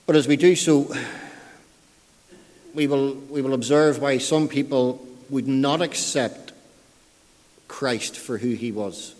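A man delivers a sermon in a plain, mid-pitched voice. His delivery is conversational and full of restarts. A long hall reverb trails each phrase. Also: slow, pauses often, darkish tone. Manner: conversational, repeats words, dialect grammar. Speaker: preacher. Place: church.

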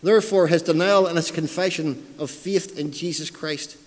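A man delivers a sermon with an emphatic, repetitive style, driving home his points and dropping in wry asides about himself. His voice sits a little high for a man. The sound rings with the long reverb of a large hall. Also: moderate pace. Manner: emphatic, repeats key phrases for stress. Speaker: preacher.

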